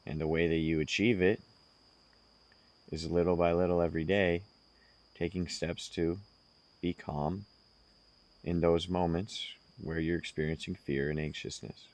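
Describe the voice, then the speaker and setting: A man speaking slowly and earnestly, giving direct self-help advice to the listener. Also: sits low, flat delivery, darkish tone. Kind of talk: casual advice monologue.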